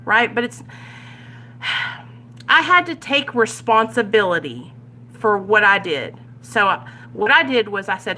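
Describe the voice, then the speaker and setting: A woman's voice: mid-range voice, animated, a little slow, bright, forceful tone. A woman leading a casual recovery study group, candid and conversational, often checking in with her listeners. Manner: candid, keeps checking in with "right?". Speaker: recovery vlogger leading a Big Book study. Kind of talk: casual chat.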